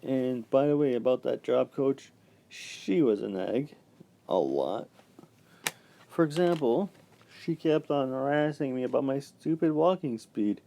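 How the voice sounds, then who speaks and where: A young man telling a rambling story about his old job, halting and swearing when worked up. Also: medium pitch, expressive, gravelly, dark tone. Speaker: vlogger. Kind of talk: casual storytelling rant.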